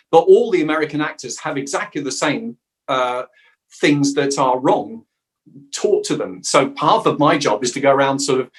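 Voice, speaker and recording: Middle-aged voice guy, dialect coach, kinda high voice, chatty and animated, tells stories. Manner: animated storyteller who slips into quoted voices. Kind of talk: conversational interview answers.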